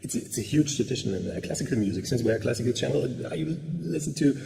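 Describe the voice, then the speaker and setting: Gravelly German-native male interviewer. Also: mid-range voice, lively intonation, background noise. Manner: halting, repeats words while asking. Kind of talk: interview questions. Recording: long reverb.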